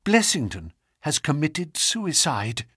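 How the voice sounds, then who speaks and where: A man's voice: on the high side, very animated, takes it slowly, fairly bright tone, slightly rough, no echo, studio quality, full character voice. A man reading an audiobook, voicing a distraught middle-aged doctor in agitated, breathless exclamations.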